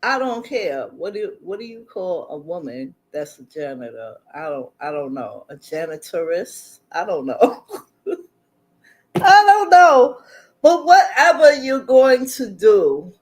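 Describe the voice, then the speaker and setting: A woman's voice: lowish voice, expressive, a little slow, darkish tone. A woman hosting a casual livestream who talks to her chat, reads the comments aloud and laughs often. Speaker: livestream host.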